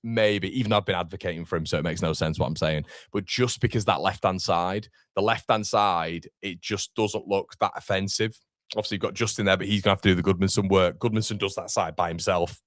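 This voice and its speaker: A man's voice: sits low, steady tone, brisk, no room sound, studio quality. A young man hosting a live football watchalong, chatting casually and reading out viewer comments. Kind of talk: casual live-stream chat. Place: home room.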